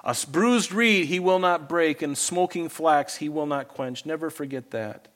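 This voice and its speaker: A man preaching a sermon to a congregation in church, earnest and pleading, swinging between loud urging and soft asides. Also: on the high side, normal speed. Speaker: pastor.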